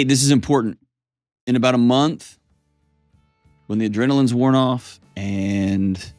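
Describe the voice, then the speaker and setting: Hosting a call-in advice show, a man with a fairly low voice coaches his callers earnestly and often repeats his phrases. The recording is clean and studio quality, with no echo.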